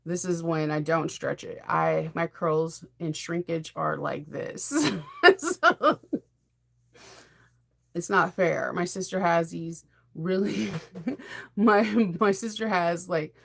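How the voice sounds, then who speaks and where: A woman's voice: on the low side, takes it slowly, creaky. A middle-aged woman hosting a sewing channel, chatting casually in a rambling, enthusiastic way and laughing often. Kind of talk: casual chat.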